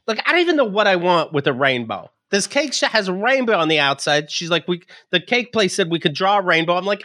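A man's voice: sits high, normal speed, dry recording, clean studio sound. A man, a podcast co-host, telling a comedic story, laughing often and acting out the other people's lines. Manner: animated, laughs often, acts out dialogue.

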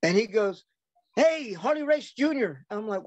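A man's voice: high-pitched, animated, moderate pace, darkish tone, highs cut off. A man, a professional wrestler, telling casual stories on a podcast, acting out quoted dialogue and swearing freely.

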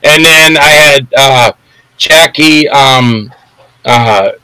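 Man, film director guest, rambling storyteller, gropes for names, bright forceful tone, dry sound. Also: mid-range voice, extremely slow, smooth, no room sound, rough recording. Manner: rambling, loses names mid-sentence.

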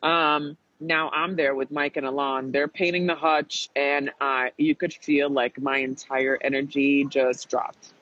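A man's voice: mid-range voice, a little slow, hardly any pauses, no echo. A man casually retelling a frustrating reality show experience, profane and emphatic, quoting people as he goes. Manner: profane, emphatic, animated retelling with quoted voices. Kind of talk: casual storytelling chat. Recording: dull lo-fi sound.

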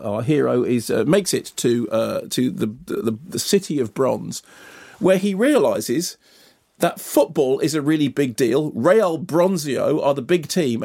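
A man's voice: a little high, gravelly, darkish tone, dry recording, studio quality. A man reviewing films on a radio show, rambling and digressive, telling stories with animation. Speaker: film critic and co-host. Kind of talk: radio film review chat.

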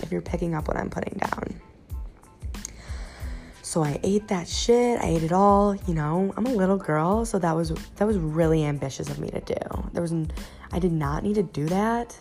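Young woman podcaster rambling and swearing, low gravelly voice, faint music under it. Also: darkish tone. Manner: profane, rambling, self-mocking. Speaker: podcast host. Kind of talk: casual storytelling monologue.

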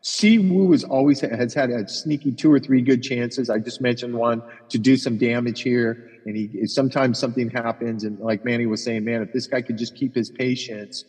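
A man's voice: medium pitch, little pitch movement, normal speed, hardly any pauses, darkish tone, slightly rough, big-room sound, low-quality recording. A man, a golf caddie co-hosting a podcast, telling long profane anecdotes in casual chat, often restarting his words.

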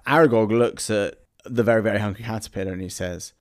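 A man tells a ridiculous improvised tale and trades jokes with a friend. His voice is low and gravelly, with a rough edge of fry. He laughs easily and builds on the other man's jokes. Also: level tone, fast, few pauses. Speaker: comedy podcast co-host. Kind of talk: improvised comic storytelling.

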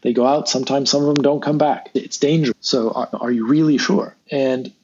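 A man telling a long parable in a relaxed interview, acting out the people he quotes. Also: medium pitch, brisk. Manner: rambling, animated, acts out quotes. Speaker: guest. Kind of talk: conversational storytelling. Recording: dull lo-fi sound with faint noise.

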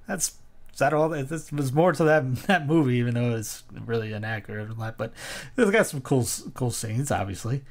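A man talking off the cuff in a loose monologue. He is sarcastic and rambling, often breaking off mid-phrase. His voice sits at an ordinary middle pitch, and he pushes louder and higher when he urges his listeners on. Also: fairly even intonation, brisk. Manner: rambling and sarcastic, with restarts and laughs; rises into loud exhortation. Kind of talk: casual opinion monologue.

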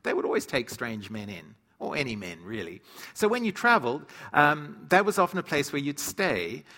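Bright-voiced man teaching scripture. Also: fairly high pitch, normal speed. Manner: animated storyteller who acts out quotes. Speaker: preacher. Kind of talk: humorous Bible teaching.

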